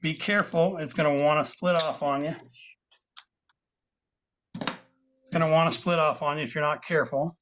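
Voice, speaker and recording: Over dull lo-fi video call audio, a woodcarving instructor demonstrates in a live online class, patiently explaining each step and adding small asides to his students. His voice sits on the high side and is fairly bright, with fairly even intonation, a moderate pace, and long pauses.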